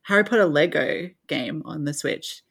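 A woman's voice: sits low, expressive, normal speed, vocal fry, crowd noise. A woman co-hosting a podcast in casual, chatty conversation, laughing easily. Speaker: podcast co-host. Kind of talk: casual chat.

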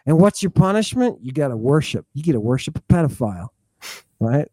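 A man's voice: fairly high pitch, very animated, brisk, dark tone, breathy edge, no echo, clean studio sound. A man speaking as a guest in a podcast interview, talking with heated conviction and checking in with a frequent "right?". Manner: impassioned, rhetorical, repeatedly adds "right?". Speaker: guest scholar.

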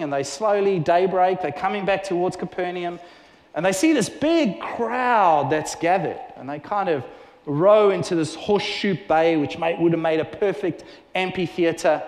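Animated preacher in an echoey hall. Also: male voice, sits high. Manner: animated storytelling with acted-out dialogue. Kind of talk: sermon. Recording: echoey hall with long reverb.

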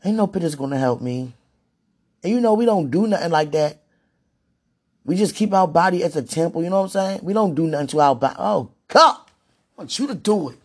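A woman's voice: fairly low pitch, expressive, fast talker, mellow. A woman vlogging in a casual, rambling monologue, sighing and repeating herself as she pleads aloud to God.

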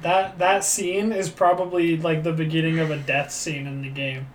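High-voiced joking man, off-mic. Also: little pitch movement, moderate pace. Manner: blunt, jokey. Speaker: podcast co-host. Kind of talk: casual crude banter. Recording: distant mic, faint hiss.

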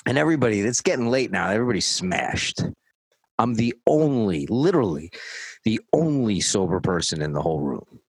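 A man's voice: fairly low pitch, big pitch swings, a little fast, slightly rough, no room sound, rough recording. A man casually telling a story, cursing freely and acting out what others said. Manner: profane, dry, acts out quoted voices. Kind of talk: casual anecdote.

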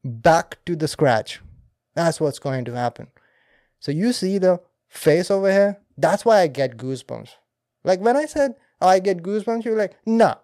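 A man hosts a casual podcast, chatting and laughing as he walks through science one step at a time. His voice sits a bit high yet sounds mellow and soft-edged. The recording is close and dry, with no room sound. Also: dry recording. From India. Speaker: podcast host. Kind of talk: casual explanatory podcast talk.

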